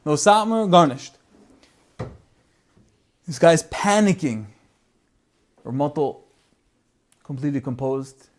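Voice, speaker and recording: A man giving a Torah talk as a lively story, mixing in Hebrew and Yiddish words. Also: fairly high pitch, takes it slowly, pauses often. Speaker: Torah speaker.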